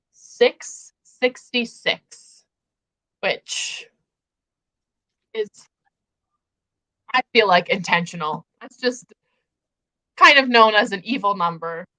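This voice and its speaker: Bright-voiced young woman gushing about books. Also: medium pitch. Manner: gushing, emphatic, animated. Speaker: host. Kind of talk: casual book chat livestream.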